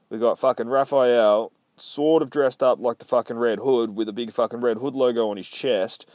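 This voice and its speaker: A man's voice: medium pitch, steady tone, moderate pace, hardly any pauses, a little mellow, dry recording. A man recapping a comic book in casual chat, swearing constantly and acting out the characters' lines.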